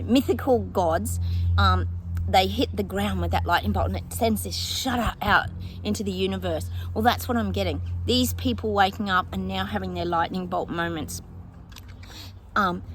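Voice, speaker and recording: A little hiss or hum sits under this mid-range female voice. She's a psychic giving a casual predictions monologue to viewers, rambling, thinking aloud with many fillers, and laughing frequently.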